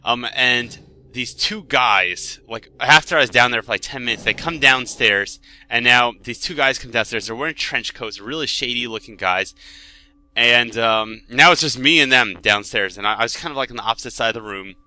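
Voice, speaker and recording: Young man, gaming commentator, rambling storyteller, self-deprecating, bright sharp voice, dry recording. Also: mid-range voice, moderate pace, dry recording. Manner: rambling, self-deprecating, animated when excited. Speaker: gaming video host. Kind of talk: casual storytelling over gameplay commentary. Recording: dry close mic with faint game music.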